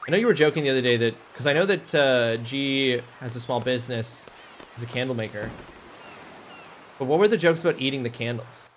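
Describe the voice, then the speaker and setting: A man's voice: mid-range voice, a little fast, a little hiss or hum. A young man live-streaming a game, bantering with chat, joking and swearing as he rambles. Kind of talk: casual live-stream chat while gaming. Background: game music.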